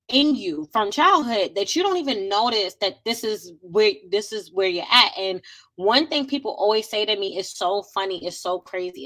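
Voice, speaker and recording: A woman, hosting a faith podcast, talking earnestly and conversationally, encouraging listeners with a preachy warmth and frequent laughs. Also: mid-range voice, poor audio. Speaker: podcast host. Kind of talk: casual faith talk podcast.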